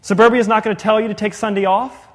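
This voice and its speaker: Male pastor, conversational sermon, highish voice, long hall reverb. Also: flat delivery. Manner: conversational, asks the congregation questions, quick jokey asides. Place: church sanctuary.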